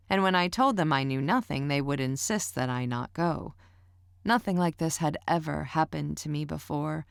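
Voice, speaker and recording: A woman narrates a first-person audiobook in a low, gravelly voice with a measured, even manner. The studio sound is dry and close. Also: no room sound.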